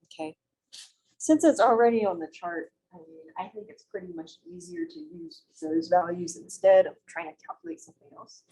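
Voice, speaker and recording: A woman's voice: fairly low pitch, moderate pace, mellow, rough recording. A young woman teaching a college math lecture in a classroom, friendly and reassuring, often checking in with the students. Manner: friendly, reassuring, asks frequent check-in questions. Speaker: math instructor. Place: classroom, also streamed on video call.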